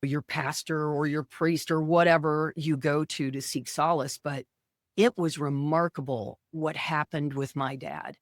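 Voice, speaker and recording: A woman's voice: low voice, a little slow, no room sound, clean studio sound. A woman in her fifties, an author and radio personality, telling a story as a guest in a casual interview. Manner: animated, vivid storyteller.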